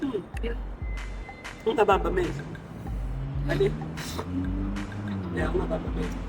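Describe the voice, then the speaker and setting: A man's voice: a little high, huge pitch swings, moderate pace. A young South African man hosting a street challenge, playful and teasing as he hypes up contestants outdoors. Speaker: host of a street challenge show. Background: music playing.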